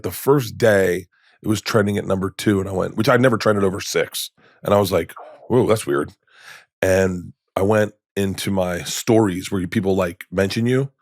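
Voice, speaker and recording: A man's voice: lowish voice, no echo, studio quality. Rambling storytelling man in his fifties. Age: 50s. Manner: rambling, animated, acts out quoted dialogue, many restarts. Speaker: comedian guest. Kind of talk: candid storytelling in conversation. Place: podcast studio.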